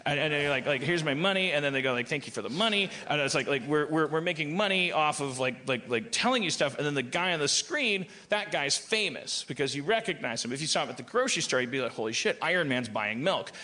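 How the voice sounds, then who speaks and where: A man riffs on a comedy club stage, rambling and swearing as he loops through restarts. His voice sits a little high and rings bright. He hosts the show in front of a live audience. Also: animated, quick pace, hardly any pauses. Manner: profane, meandering, restarts with many "like"s. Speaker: comedy podcast host.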